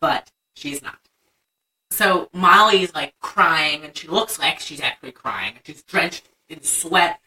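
Bright-voiced young woman recapping a film. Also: low voice, slow, recorded from a distance, rough recording. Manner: animated retelling, acts out lines. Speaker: podcast co-host. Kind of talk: casual movie chat.

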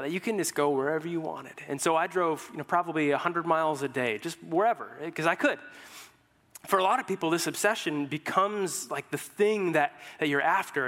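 Man, young adult, pastor, sermon, high voice, joking storyteller, headset mic, long church reverb. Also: fairly bright tone. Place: church hall.

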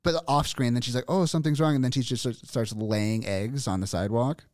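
Brief: male comedy guest from small-town Ontario, mid-pitched, deadpan and crude, very dry mic. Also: no room sound. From small-town Ontario, Canada. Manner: crude deadpan jokes, halting restarts. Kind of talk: casual comedic chat.

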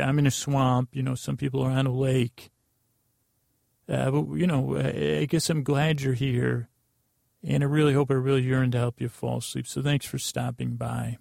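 A tired man hosting a podcast, with a creaky voice, in a rambling, self-deprecating bedtime monologue full of false starts. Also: mid-range voice, a little mellow, no room sound, studio quality. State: tired from lack of sleep. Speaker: podcast host.

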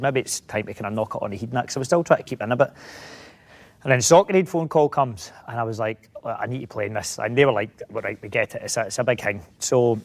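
A middle-aged Scottish actor, a guest in a casual interview, rambling through anecdotes with many restarts. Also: male voice, medium pitch.

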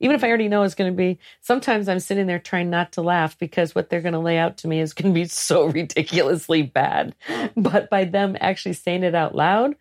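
A woman's voice: lowish voice, brisk. A woman being interviewed about running a sailing program, chatting casually and acting out the things people say to her. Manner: lively storyteller who acts out what others say. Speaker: guest, head of a sailing program.

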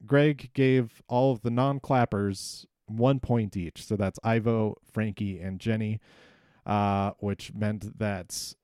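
A man's voice: medium pitch, darkish tone, clear, resonant tone, no room sound, studio quality. A man hosting a podcast, recapping an episode in casual solo talk, rambling and hesitant with many ums and restarts. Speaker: podcast host.

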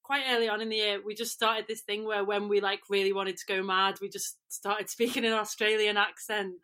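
Bright giggly Liverpool woman. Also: mid-range voice, little pitch movement, a little fast. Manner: giggly, chatty, lots of fillers. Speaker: podcast co-host. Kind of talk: casual chat.

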